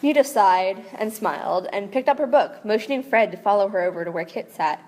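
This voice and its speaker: A woman's voice: medium pitch, lively intonation, fairly quick, a little mellow. Young woman rambling between read passages. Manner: rambling, giggly asides. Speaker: amateur audiobook reader. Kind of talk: reading aloud with casual commentary. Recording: echoey room with long reverb.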